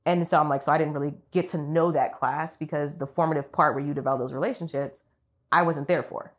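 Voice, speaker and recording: Fast-talking woman with a rough voice. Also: sits low. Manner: blunt, animated storyteller who trails off quietly. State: voice rough after a week of coughing. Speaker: podcast co-host. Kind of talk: casual chat.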